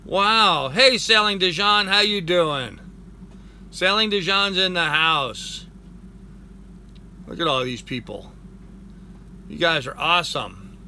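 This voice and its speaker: A man's voice: high-pitched, pushed and bright, a little hiss or hum. An older man hosting a casual live chat from home. He rambles, thanks viewers by name and coos at his dog. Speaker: live-stream host.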